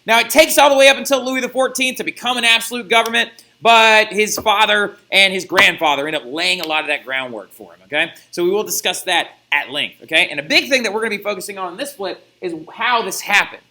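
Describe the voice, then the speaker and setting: A young man gives a recorded history lesson. His voice sits high and sounds bright and lively. He talks in a chatty, animated way and keeps dropping jokey asides. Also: fast, hardly any pauses. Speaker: teacher. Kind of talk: recorded classroom lecture.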